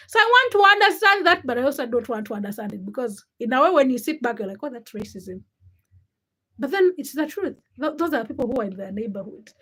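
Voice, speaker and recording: This is a young woman in her twenties running a casual livestream and chatting with viewers. Her voice sits high, and she talks in an outspoken, animated way. She often restarts her sentences as she thinks aloud. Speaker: livestream host. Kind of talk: casual livestream chat, reading viewer comments.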